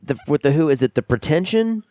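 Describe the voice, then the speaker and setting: A man's voice: on the high side, big pitch swings, a little fast, warm tone, no room sound. A man co-hosting a podcast in a studio, chatting enthusiastically and animatedly and laughing often. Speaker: podcast co-host. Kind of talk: casual chat.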